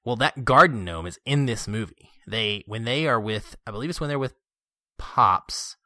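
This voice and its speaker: A man in his thirties hosting a podcast, chatting casually and excitedly about a film with fillers. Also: mid-range voice, normal speed, dry recording, studio quality. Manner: animated, excitable storytelling with filler words. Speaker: podcast host. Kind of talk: casual movie review chat.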